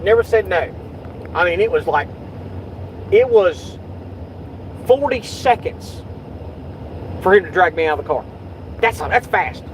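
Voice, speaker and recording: A middle-aged man talks agitatedly and swears while chatting in a vehicle, loudly acting out what others said. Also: high-pitched, animated, unhurried, long pauses, a little hiss or hum, rough recording. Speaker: YouTube channel host. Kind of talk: casual vlog chat in a car.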